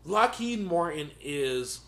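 A man's voice: on the high side, sing-song, slow pace, sharp tone, slight background noise. A man co-hosting a casual podcast, talking in a rambling way with restarts and frequent laughs. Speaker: podcast co-host.

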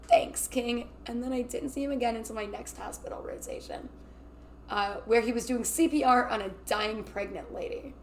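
A young woman co-hosting a podcast, telling work stories in a casual chat, animated and acting out the people she quotes. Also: on the high side, brisk. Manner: animated, acts out quotes, swears freely. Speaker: podcast co-host. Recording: faint background noise.

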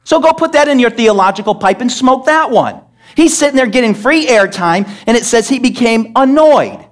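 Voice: mid-range voice, animated, moderate pace. A church pastor delivers a sermon in a voice that rises and falls widely. The delivery is emphatic, and he keeps throwing questions at the congregation to rally them. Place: church service.

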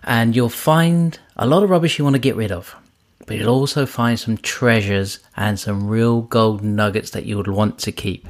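A man playing an encouraging friend giving practical advice, unhurried. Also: fairly low pitch, natural voice.

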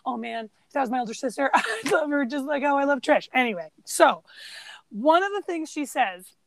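A woman's voice: high voice, big pitch swings, moderate pace. A woman co-hosting a podcast in casual chat, retelling scenes and laughing often. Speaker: podcast co-host.

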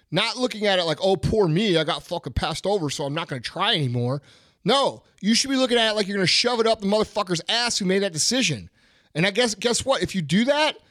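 A man's voice: high voice, fairly bright tone, dry recording, studio quality. A middle-aged man hosting a podcast, ranting bluntly and profanely in casual chat. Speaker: podcast host.

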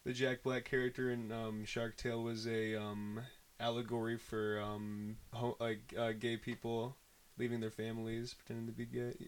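A man's voice: mid-range voice, monotone, moderate pace, clean tone. Joking man with a slight lisp. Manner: joking, rambling, laughs often. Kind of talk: casual chat among friends.

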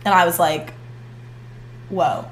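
A woman in her twenties co-hosting a podcast, telling stories in a chatty, animated way with lots of fillers. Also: mid-range voice, moderate pace, poor audio. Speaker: podcast co-host. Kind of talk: casual chat.

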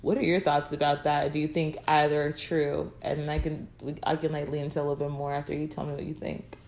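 A woman in casual chat about a film, animated and quick to push back and tease. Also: deep voice, a little hiss or hum. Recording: echoey room.

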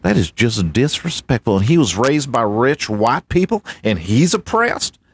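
A man's voice: medium pitch, very animated, unhurried, breathy edge, no room sound, heavily acted. A man voicing a pious, blustering conservative male janitor who calls everyone buddy, in an improvised comedy bit. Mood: outraged.

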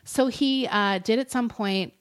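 A woman's voice: on the high side, unhurried, clear, resonant tone. Chatty, giggly woman podcast host. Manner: chatty and giggly, swears, uses lots of fillers. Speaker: podcast co-host telling a true crime story. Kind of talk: casual chat.

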